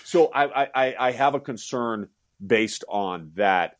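A middle-aged American man who analyzes college basketball chats animatedly on a casual podcast, imitating fans' voices. His medium-pitched voice is slow, and the recording is dry with clean studio sound.

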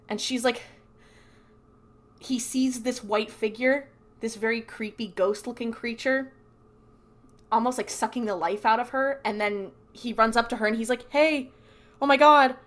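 A woman co-hosting a podcast, recapping a TV episode in casual chat and acting out the lines. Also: mid-range voice. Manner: animated storytelling, acts out quotes. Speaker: podcast co-host.

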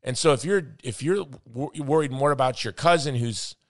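A man's voice: medium pitch, normal speed. A man hosting a podcast, talking in a casual, earnest and motivational way. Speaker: podcast host. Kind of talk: casual conversation.

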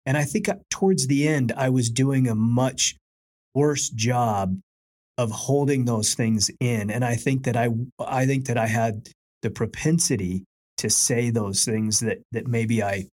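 Husky, halting ex-cop man. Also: mid-range voice, darkish tone. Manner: reflective, halting, repeats his words. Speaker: former police officer. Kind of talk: casual podcast chat.

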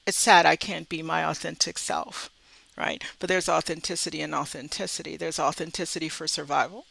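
A woman's voice: low-pitched, fairly even intonation, brisk, vocal fry, fairly bright tone, slightly rough, dry recording, low-quality recording. A woman from the South, a social work educator speaking earnestly and emphatically as an interview guest. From Southern United States. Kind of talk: conversational interview.

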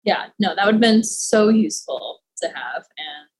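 A woman's voice: mid-range voice, lively intonation, normal speed, husky, rough recording. A woman guest on a podcast, chatting casually with easy laughter and lots of fillers. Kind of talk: casual chat.

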